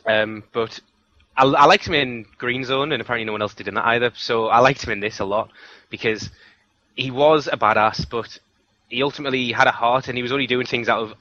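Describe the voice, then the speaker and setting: A man's voice: medium pitch, fairly quick, sharp tone, muffled recording. A man from the UK co-hosting a casual film review chat, talking in a chatty, hedging way with many fillers. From United Kingdom. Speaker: film review podcast co-host.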